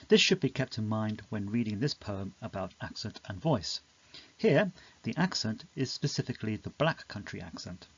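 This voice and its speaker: Male narrator for a study video, measured and explanatory, slightly dull lo-fi sound. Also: lowish voice, husky, no echo. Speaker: teacher explaining a poem. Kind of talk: scripted educational narration.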